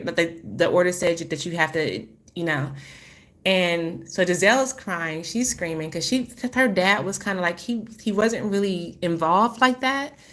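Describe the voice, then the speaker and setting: A woman vlogger telling a painful personal story in a halting, emotional way, full of restarts, then turning to encouragement for her viewers. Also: fairly low pitch, fairly bright tone. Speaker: spiritual healing vlogger.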